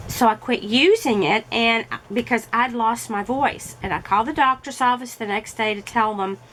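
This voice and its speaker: A woman's voice: on the high side, fairly bright tone, a little hiss or hum, rough recording. A middle-aged woman vlogging casually while crafting, telling a story in a chatty way with fillers as her voice recovers.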